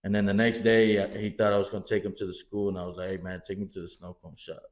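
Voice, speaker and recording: A man's voice: deep voice, fast. A middle-aged man co-hosting a podcast, telling family stories in casual chat, swearing often and acting out what people said. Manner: animated storyteller, swears often, acts out quotes. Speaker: podcast co-host. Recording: roomy echo.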